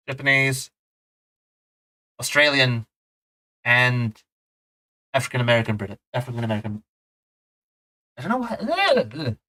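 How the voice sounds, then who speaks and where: A man streams a video game and chats casually with viewers, rambling and poking fun at himself. His voice sits on the high side and sounds pushed and bright. The recording is rough, with faint game music in the background.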